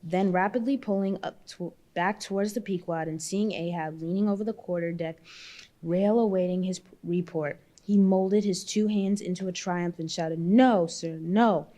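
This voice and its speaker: A woman reads a classic novel aloud at a public marathon reading. Her voice is mellow and sits a little low, and she often stumbles and backs up to restart a phrase. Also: fairly even intonation, normal speed. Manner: reads with frequent slips and restarts. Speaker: volunteer reader.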